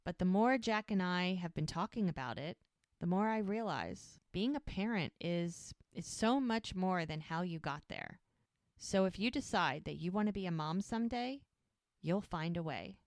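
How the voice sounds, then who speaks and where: Smooth-voiced woman recapping a show. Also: fairly low pitch, normal speed, no echo, clean studio sound. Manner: retells scenes with quoted lines, animated. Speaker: podcast co-host. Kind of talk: casual recap chat.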